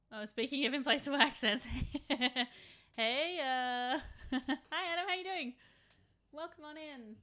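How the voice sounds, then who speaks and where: Bright-voiced chatty woman streamer. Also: high voice, measured pace. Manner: chatty, rambling, laughs often. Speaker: streamer painting miniatures. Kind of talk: casual live-stream chat.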